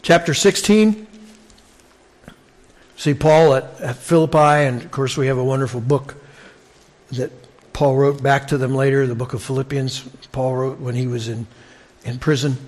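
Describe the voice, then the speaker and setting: A man's voice: medium pitch, fairly even intonation, measured pace, pauses often, darkish tone. Man teaching the Bible conversationally. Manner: conversational, with frequent restarts and asides.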